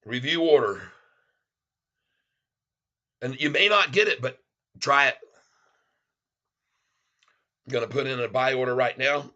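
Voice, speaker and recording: A man hosting a live day-trading stream, excitedly calling out prices, placing orders and greeting viewers as "folks.". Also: mid-range voice, moderate pace, lo-fi sound. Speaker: stock trading livestream host.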